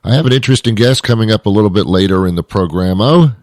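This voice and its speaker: Deep-voiced man rambling through a comic monologue. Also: fast talker, dry recording, clean studio sound. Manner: rambling, self-interrupting, wry asides. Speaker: show host. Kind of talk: comedic monologue.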